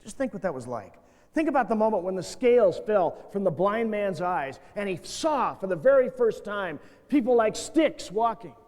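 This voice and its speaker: A middle-aged man with a high, very animated voice and a darkish tone speaks at a moderate pace, giving a passionate seminar talk to youth workers before an audience in a large church hall. He tells stories with energy and acts out the voices of the people he quotes. The recording carries the hall's reverb and comes from a glitchy VHS tape transfer.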